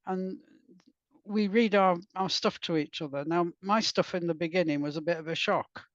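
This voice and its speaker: Woman author, soft lyrical reader, lo-fi dry audio. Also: fairly low pitch, no room sound. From Wales. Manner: soft, unhurried, lyrical reading. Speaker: guest author and poet. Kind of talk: podcast interview with poetry reading. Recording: dull lo-fi dry sound.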